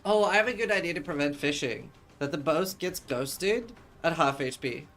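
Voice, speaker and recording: Streamer co-caster, a chatty man from Norway with a higher-than-average voice, loose commentary, music underneath. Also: normal speed, a bit bright. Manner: chatty, laughs often. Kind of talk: casual game commentary.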